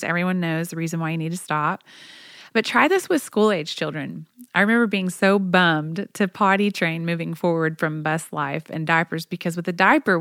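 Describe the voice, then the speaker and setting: A woman in her forties with a lowish, smooth, resonant voice, chatty and anecdotal, laughing now and then as she tells stories. The sound is close and dry. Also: fairly bright tone, no room sound. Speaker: storyteller, mother on tour. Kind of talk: personal storytelling monologue.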